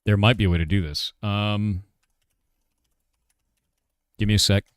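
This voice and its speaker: Swearing and ranting through a laid-back live stream, a game developer in his forties keeps saying "like" and "dude." His fairly low voice stays steady and moves a little slowly. The recording is dry, with clean studio sound.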